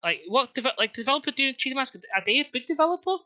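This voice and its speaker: A man with a very high, bright, forceful voice races along expressively on a dry recording while co-hosting a casual wrestling podcast. He rambles, restarts often, and peppers everything with fillers and swearing.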